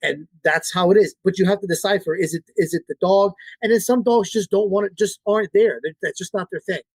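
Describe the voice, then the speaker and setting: Husky high-voiced dog trainer guy, blunt and cussing, dry sound. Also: brisk, a little mellow, no echo. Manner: blunt, profane, repeats his points. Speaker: dog trainer, interview guest. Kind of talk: casual interview talk.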